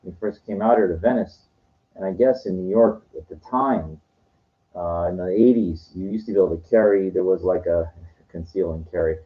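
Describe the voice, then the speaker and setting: This vlogger speaks in a low voice at normal speed, delivering a casual, rambling monologue of stories with occasional swearing. The lo-fi recording sounds dull.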